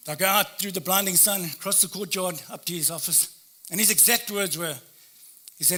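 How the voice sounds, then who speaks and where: A man's voice: high voice, quick pace, bright, forceful tone. A man, a motivational speaker, telling a first-person story in short, punchy phrases. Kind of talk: dramatic storytelling talk.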